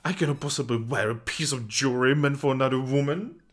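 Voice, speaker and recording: A man's voice: mid-range voice, quick pace, close to an everyday voice. Proud lady mayor of a fantasy town, read by a man, formal old-fashioned lines in a plain mid voice. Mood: haughty. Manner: archaic formal speech, read aloud. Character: haughty woman mayor, proud and vain.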